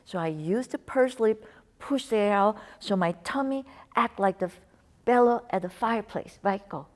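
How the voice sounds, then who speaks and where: A woman's voice: mid-range voice, normal speed. Woman coaching a breathing lesson. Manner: coaching, encouraging, slips into soft whispers on cues. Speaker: wellness instructor.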